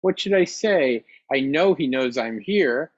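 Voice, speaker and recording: A man voicing an anxious young male meditation student who frets through rapid, worried questions. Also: mid-range voice, expressive, slightly rough, no room sound. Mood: fretful. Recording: dry, slightly dull recording.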